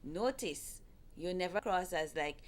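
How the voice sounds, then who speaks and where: A woman's voice: fairly low pitch, animated, unhurried. A woman hosting a family talk show, earnestly coaching couples on how to speak to each other. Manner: earnest, gentle, repeats herself while coaching. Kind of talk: casual advice talk.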